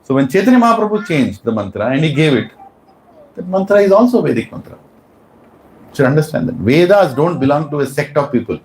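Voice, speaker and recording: A man's voice: fairly high pitch, sing-song, fairly quick, darkish tone, slight background noise. A man teaching a class of devotees, quizzing them with questions and stressing his points. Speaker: spiritual teacher. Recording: echoey room.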